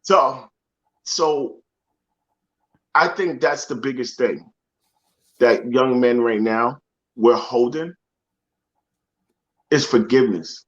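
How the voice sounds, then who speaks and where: Man, motivational guest, earnest personal storytelling, repeats his words, mid-pitched voice, slightly muffled call audio. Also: slow, long pauses. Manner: earnest, repeats phrases while searching for words.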